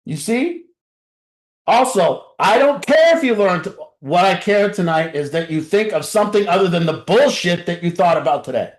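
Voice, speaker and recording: A man addresses a recovery group in a raw, confessional talk, blunt and full of swearing, sinking to near-murmurs and then shouting. His voice sits high for a man. The sound rings around a roomy, echoing meeting room. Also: animated, moderate pace. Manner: blunt and profane, swinging from quiet to shouting. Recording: roomy echo.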